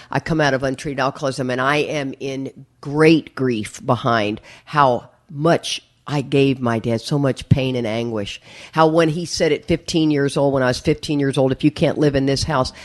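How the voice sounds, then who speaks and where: A woman's voice: a bass voice, a little mellow. A middle-aged woman, speaking at a recovery meeting and telling a candid story to a live audience with self-mocking humor. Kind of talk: personal testimony to a live audience.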